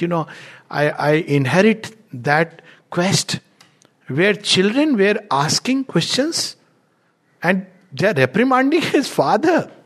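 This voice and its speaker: Gravelly man giving a spiritual lecture. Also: a little high. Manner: animated, laughs often, acts out quoted speakers. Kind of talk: lecture with storytelling.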